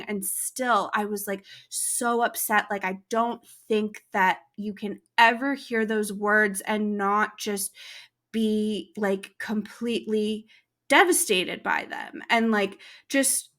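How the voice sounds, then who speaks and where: Bright, open young woman guest. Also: medium pitch, fairly even intonation, a little slow. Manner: emotional, open, heavy use of "like". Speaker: podcast guest. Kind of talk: candid conversational interview.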